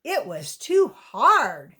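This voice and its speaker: A woman's voice: high voice, huge pitch swings, extremely slow, pushed and bright, full character voice. A woman voicing a curious, fussy young duck girl in a storybook reading.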